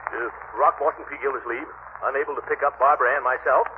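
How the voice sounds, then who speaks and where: A man playing a pompous, bumbling middle-aged gentleman in 1940s radio comedy acting, blustery and swooping up in pitch. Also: steady tone, quick pace, close to an everyday voice. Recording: tinny old radio broadcast, heavy hiss.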